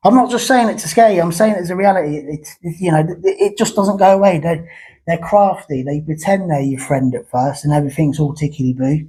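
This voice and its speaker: A man's voice: a little high, brisk, mellow, husky, low-quality recording. A man ranting casually to camera, blunt and rambling, telling stories with repeated words. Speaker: YouTube ranter.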